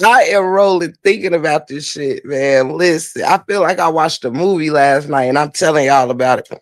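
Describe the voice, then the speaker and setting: At a moderate pace and a fairly high pitch, a man hosts a casual viewer recap, laughing hard until he's crying with laughter. He drawls in Southern slang and addresses everyone as "child" and "baby", in a dry recording.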